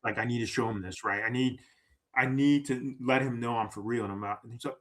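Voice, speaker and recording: Animated man telling a story. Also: medium pitch, a little fast. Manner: animated, acts out quoted voices, says "right?" often. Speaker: podcast guest. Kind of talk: casual storytelling.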